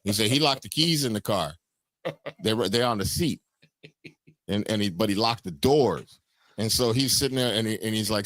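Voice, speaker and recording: A man's voice: lowish voice, animated, moderate pace, long pauses, a bit bright, no echo. A man with a Chicago accent on a podcast, retelling viral videos and acting out the people in them. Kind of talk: casual chat.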